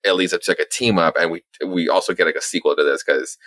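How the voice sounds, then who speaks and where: A man's voice: deep voice, quick pace, fairly bright tone, dry recording. Rambling, swearing man talking comics. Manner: rambling, swears a lot, many fillers and restarts. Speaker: podcast co-host. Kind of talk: casual comic book chat.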